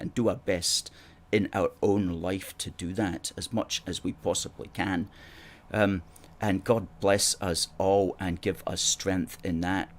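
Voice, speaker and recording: A man hosts a live-stream talk show, reading out viewer comments and pressing his opinions emphatically. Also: low-pitched. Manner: emphatic and opinionated, hammering points home. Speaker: host. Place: studio in Glasgow.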